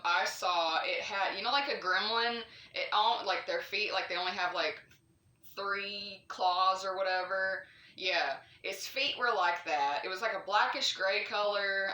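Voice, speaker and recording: A chatty woman from North Carolina tells a spooky story straight to camera. Her voice is bright and forward, with lots of fillers and asides. The sound comes from a room with a noticeable echo. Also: mid-range voice. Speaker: vlogger.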